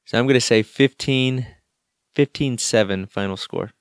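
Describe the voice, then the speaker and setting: A man's voice: medium pitch, moderate pace, dry recording. A man co-hosting a casual sports talk show, ranting with dry sarcastic jokes. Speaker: co-host.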